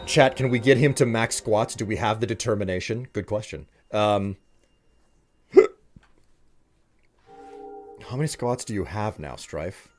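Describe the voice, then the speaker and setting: A man's voice: on the low side, expressive, normal speed, faint music behind. A man streaming a game live, talking casually and chattily to his viewers, often trailing off and restarting. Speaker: livestreamer. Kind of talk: casual livestream gameplay chat.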